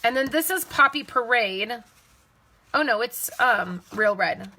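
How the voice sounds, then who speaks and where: A woman's voice: fairly high pitch, lively intonation, a little slow, pushed and bright. A woman leading a casual live card-making demonstration, chatting and thinking aloud as she works and answering viewers' comments. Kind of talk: casual live crafting demo.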